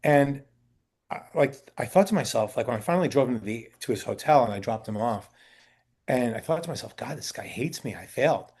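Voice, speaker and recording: A talent agent with a husky, darkish mid-range voice speaks briskly and with lively intonation. In a sit-down indoor interview he answers casually, telling long anecdotes, impersonating those he quotes, and using many fillers and restarts.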